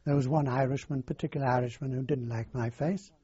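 Husky old man, halting. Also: mid-range voice, steady tone, mellow, dry recording. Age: older. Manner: halting, rambling storyteller with many fillers. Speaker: interviewee. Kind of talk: oral history recollection. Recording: dull lo-fi dry recording.

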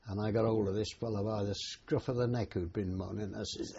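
Older man with gravelly husky voice. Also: fairly low pitch, steady tone, dark tone. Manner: plain unhurried storytelling with hesitations. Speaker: war veteran recalling service. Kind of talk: oral history recollection. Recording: dull lo-fi recording.

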